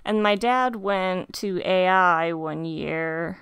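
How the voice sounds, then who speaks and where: A woman's voice: fairly low pitch, slow, fairly bright tone, smooth, dry recording, clean studio sound. A woman chatting casually on a podcast, telling rambling stories and giggling often. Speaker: podcast player introducing herself. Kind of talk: casual chat.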